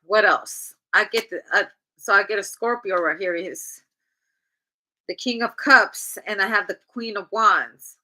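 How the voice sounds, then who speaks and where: A woman's voice: medium pitch, measured pace, sharp tone, poor audio. A woman giving a casual tarot reading in a blunt, chatty, profane way. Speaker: tarot reader.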